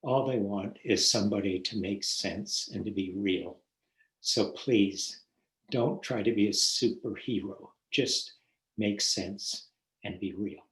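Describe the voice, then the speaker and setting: A calm, plain-spoken older father hands out matter-of-fact advice, as his son quotes him. The delivery is unhurried, and the voice sits fairly low. A roomy echo hangs around the voice. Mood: advising.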